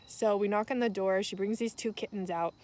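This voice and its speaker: A young woman speaks on camera in a tearful, heartfelt way, telling a personal story of faith. Her voice sits at an ordinary middle pitch, and she rambles a little with soft fillers and restarts as she reminisces. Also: steady tone, fairly quick. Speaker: vlogger. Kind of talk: personal testimony vlog.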